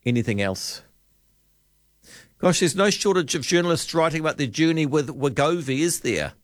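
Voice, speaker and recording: A man's voice: fairly high pitch, animated, moderate pace, no echo. A man hosting a talkback radio show, rambling and joking as he thinks aloud at a studio microphone. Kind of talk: casual radio chat.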